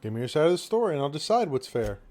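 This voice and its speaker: Quick, mellow-voiced man reading game dialogue. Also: a little high, big pitch swings. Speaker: gamer reading the player's lines aloud.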